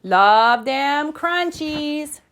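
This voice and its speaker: An excitable boy kitten who fancies himself a daredevil, as a woman reading aloud puts him on. He chirps along in a raised, playful voice with mock-Spanish flourishes, drawing his words out slowly. A storybook hero in every line. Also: high voice, voice pushed up. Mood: excited.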